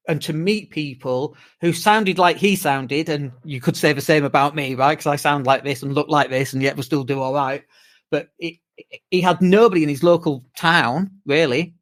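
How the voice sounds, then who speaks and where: British man, podcast co-host, tired, lively storyteller, fairly high voice. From United Kingdom. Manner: swearing, animated storytelling with mimicked whoops. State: exhausted from jet lag. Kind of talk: casual chat.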